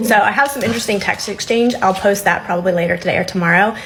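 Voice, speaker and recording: A woman's voice: medium pitch, quick pace, background noise. A young adult woman telling a story to her phone camera in a chatty, rambling way. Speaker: storyteller recounting a date.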